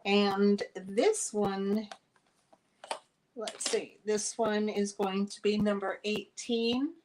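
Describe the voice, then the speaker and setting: A woman from New York with a New York accent, running a chatty live sale of vintage items into her phone, filling pauses with ums. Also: medium pitch, fairly even intonation, a little mellow, a little hiss or hum, low-quality recording. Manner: chatty, friendly, many fillers. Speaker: online vintage seller.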